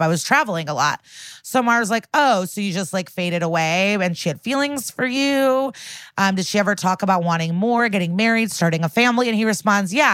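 A woman's voice: lowish voice, no room sound. A woman co-hosting a podcast, casually recapping a TV crime episode and acting out the characters' lines, with many fillers. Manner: animated retelling, acting out quotes with many fillers. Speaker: podcast co-host.

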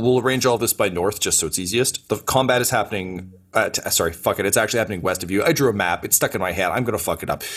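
A man narrating as game master in a tabletop role-playing game, rambling and filling his descriptions with fillers and restarts. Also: lowish voice.

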